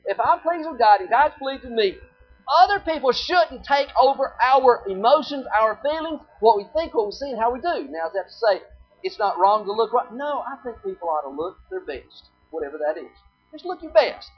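Animated preacher, dull lo-fi recording. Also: mid-range voice, moderate pace, breathy edge. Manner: rhetorical questions, repeated phrases; quotes scripture in old-fashioned wording. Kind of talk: sermon. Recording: dull lo-fi recording with faint music.

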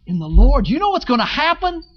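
A man's voice: very high voice, very animated, a little fast. A man preaching a sermon as pastor. He swells and drops his emphasis and repeats key phrases. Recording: dull lo-fi sermon recording.

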